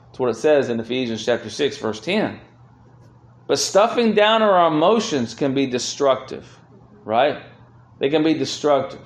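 A man's voice: medium pitch, animated, normal speed. A man preaching a sermon as pastor, speaking earnestly and swelling with feeling when he reads scripture aloud. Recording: roomy echo.

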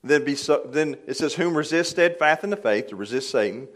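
An older man preaches in a church sanctuary, plainly conversational with light humor, building to emphatic peaks on his key points. His mid-range voice is animated and a little fast.

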